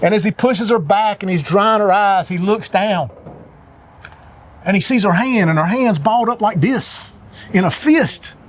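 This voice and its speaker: A man's voice: sits high, measured pace, a little hiss or hum. A middle-aged man telling an earnest, preacher-like parable as a motivational talk. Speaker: show regular giving a motivational talk.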